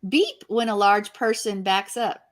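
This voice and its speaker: A woman's voice: mid-range voice, measured pace. A woman co-hosting a casual game chat, playful and chatty. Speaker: co-host.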